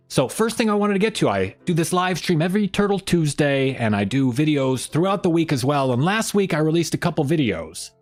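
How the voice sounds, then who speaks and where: A man hosting a weekly fan livestream in casual chat, energetic and rambling, with a hoarse voice he says he is losing. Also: a little high.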